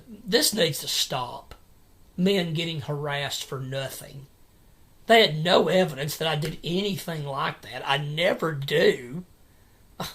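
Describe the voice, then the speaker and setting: A man in an angry personal vlog rant at home at night, agitated and repetitive, with halting restarts. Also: a little high, fairly bright tone. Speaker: vlogger.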